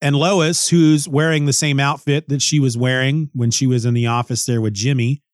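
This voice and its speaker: A man's voice: mid-range voice, fairly even intonation, normal speed, no room sound, clean studio sound. A man reviewing a comic book in a casual, rambling way, often restarting and musing aloud.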